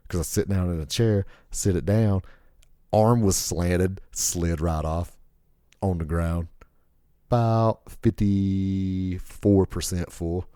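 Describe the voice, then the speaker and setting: A man's voice: deep voice, mellow, no echo, studio quality. A man hosting a podcast, telling rambling, profane stories in a laid-back, casual way. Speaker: podcast host.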